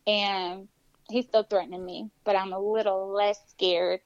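A woman's voice: mid-range voice, a little slow, no echo, lo-fi sound. A young woman telling a personal story in casual conversation, acting out the voices of the people in it. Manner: animated, acts out quoted voices. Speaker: guest telling her story.

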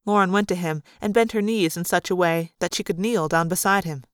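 A woman reads a novel aloud in a fairly low voice, picked up close and dry with no room sound. She gives each character's lines a slightly different voice. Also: a little fast, smooth, no room sound. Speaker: audiobook reader. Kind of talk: fan read-aloud of a novel.

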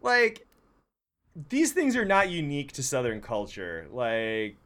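A man's voice: mid-range voice, huge pitch swings, a little slow, fairly bright tone. Rambling, laughing man in casual chat. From San Francisco area, US. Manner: rambling, swearing, laughing often, many fillers. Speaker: podcast co-host.

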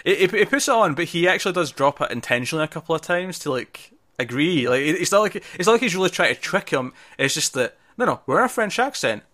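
A man co-hosting a casual film discussion, animated and jumping in often, stumbling over his words as he talks. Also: fairly high pitch, fast talker, hardly any pauses.

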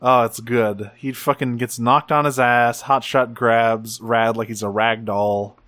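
A man's voice: mid-range voice, level tone, unhurried, a bit bright, dry recording. Dry-sounding laid-back male podcast co-host. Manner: laid-back, profane, wry. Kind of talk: casual chat recapping a cartoon.

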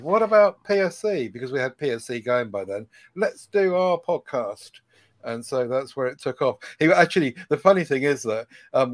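A man's voice: medium pitch, no echo. Rambling man on a dry mic. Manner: rambling, self-deprecating storyteller with many restarts. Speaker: podcast guest. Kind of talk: casual podcast chat.

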